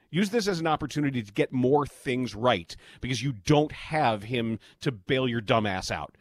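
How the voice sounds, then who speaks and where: A man's voice: mid-range voice, animated, normal speed, few pauses, dry recording. A man hosting sports talk radio in a studio, bluntly ranting with exasperation. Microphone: studio mic.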